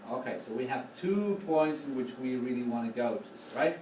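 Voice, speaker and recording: A man's voice: mid-range voice, normal speed, few pauses. Man coaching a choral class. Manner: questioning, coaching, lively. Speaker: choral conducting teacher. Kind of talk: classroom teaching. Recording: roomy, distant, noisy classroom recording.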